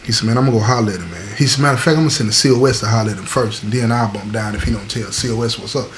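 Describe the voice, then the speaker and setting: A man telling a prison story in casual slang, switching his pitch up and down as he voices the other men. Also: very fast, slight background noise. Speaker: storyteller host.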